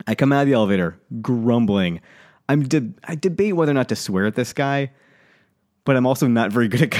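A man co-hosting a casual podcast, telling an annoyed story with lots of swearing and lively venting. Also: medium pitch. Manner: animated, swears, worked up while telling a story. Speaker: podcast co-host.

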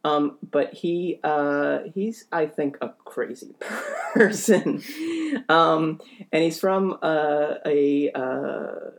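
This young man's voice sits on the high side, and he speaks slowly. He tells a funny story on a podcast, rambling and hesitant, packing it with fillers and self-deprecating asides in a casual comedic way.

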